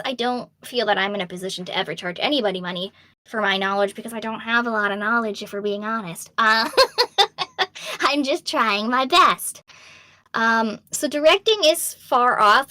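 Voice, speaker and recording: A woman's voice: on the high side, bright, forceful tone, no room sound. A young adult woman voice actor with a slight Boston accent, candidly answering fan questions in a casual chat full of ums and laughs. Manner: chatty and candid, reads questions aloud, frequent ums and laughs. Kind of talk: casual Q&A stream.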